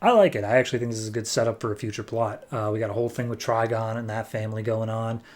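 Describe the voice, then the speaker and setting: A man's voice: lowish voice, rapid-fire, a little mellow. A man hosting a comic book podcast, recapping an issue in a chatty, jokey way and acting out the scenes.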